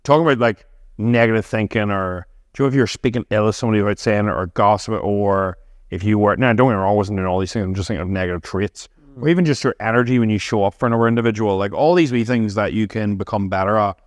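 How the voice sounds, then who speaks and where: A man's voice: lowish voice, dry recording, clean studio sound. A man, a podcast guest telling stories in casual chat, swearing freely. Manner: fast, animated storytelling with frequent swearing.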